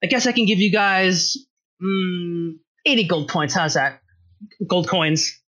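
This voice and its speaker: A game master voicing a gruff, buff woman shopkeeper who hates jerks, blunt and suspicious, in a tabletop role-play. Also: on the low side, slow pace, a bit bright. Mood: businesslike.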